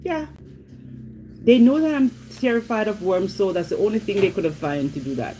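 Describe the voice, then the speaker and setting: Slight background noise sits behind a middle-aged Jamaican woman talking at normal speed in a medium pitch. In her casual vlog, she tells a dramatic story with a Jamaican accent, animated and exclamatory throughout.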